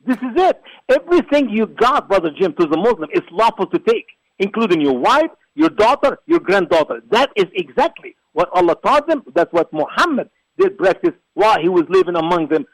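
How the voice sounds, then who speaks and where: A man from Egypt, a guest giving forceful, repetitive, preacher-like commentary on a religious talk show. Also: sits high, sing-song, fairly quick, hardly any pauses, no echo, poor audio. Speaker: guest, ministry founder.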